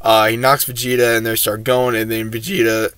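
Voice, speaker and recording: A man's voice: lowish voice, little pitch movement, fairly quick, a bit bright, clear, resonant tone, no room sound. A man hosting his own channel, giving a rambling, casual recap of an episode with lots of fillers and "he says" retellings. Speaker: host.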